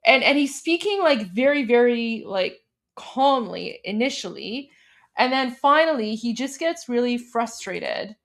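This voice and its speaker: A woman's voice: on the high side, animated, a little slow, fairly bright tone. Chatty Iranian-born woman hosting a livestream. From Iran. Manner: chatty, many fillers and restarts, explaining a meme. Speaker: host. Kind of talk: casual livestream commentary.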